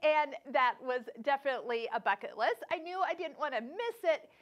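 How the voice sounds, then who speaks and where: A woman's voice: high voice, lively intonation, moderate pace, fairly bright tone. A woman hosting a sewing channel, telling a travel story in a chatty vlog, laughing often and acting out what people said. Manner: chatty, laughs often, acts out quoted voices.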